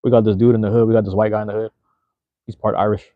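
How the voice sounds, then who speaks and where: A man's voice: on the low side, level tone, rapid-fire, no echo, phone-quality sound. A young man in his twenties hosting a livestream, chatting loosely with viewers in rambling, profane slang from a room at home. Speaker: livestream host. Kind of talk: casual livestream chat reading viewer comments.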